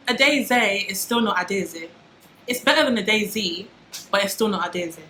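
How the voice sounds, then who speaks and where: A young British woman vlogging to camera in a passionate, dramatic way, hammering her points home with repetition. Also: mid-range voice. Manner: passionate, dramatic, emphatic with repeated phrases. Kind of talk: casual talk to camera. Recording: echoey room with faint background ambience.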